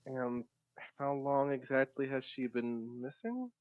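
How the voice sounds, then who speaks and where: A man's voice: medium pitch, unhurried, no room sound. A man playing a tabletop game, asking questions in casual chat. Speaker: player. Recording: dull lo-fi dry sound.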